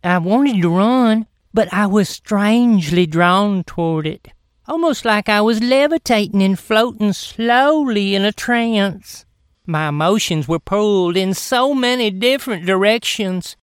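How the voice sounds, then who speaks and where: A woman spins a folksy comic yarn, stretching out the dramatic beats. Her voice is smooth and clear. It sounds dry, with no room echo. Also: mid-range voice, lively intonation, a little slow. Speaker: comic storyteller. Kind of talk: folksy comedic storytelling.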